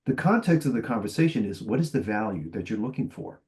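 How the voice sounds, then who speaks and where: A man on a conference panel, telling animated sales anecdotes full of quoted dialogue. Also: lowish voice, quick pace. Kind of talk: panel discussion storytelling.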